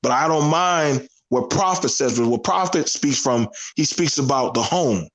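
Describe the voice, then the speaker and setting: A man's voice: medium pitch, animated, moderate pace, a bit bright, poor audio. A man with a Southern US accent speaking as a guest on a casual panel discussion, earnest and emphatic, often repeating his phrases.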